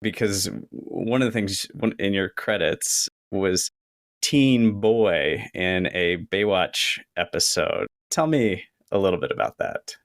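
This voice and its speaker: A man hosting a podcast interview, easygoing and quick to laugh. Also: low voice, no echo, studio quality. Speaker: podcast host. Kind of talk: conversational interview.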